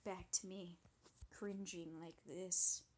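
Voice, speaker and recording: A woman's voice: fairly low pitch, steady tone, slow, darkish tone. Woman making incredulous comic asides. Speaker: comic storyteller. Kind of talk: comedic storytelling.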